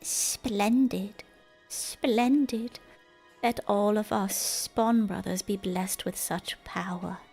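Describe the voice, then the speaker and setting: A woman voicing a zealous, scornful male fish-man warrior from a game, in a slow, menacing, raspy half-whisper. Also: medium pitch, steady tone, a little mellow, faint music behind. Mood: fanatical. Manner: slow, menacing, drawn-out delivery. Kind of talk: reading game dialogue aloud in character.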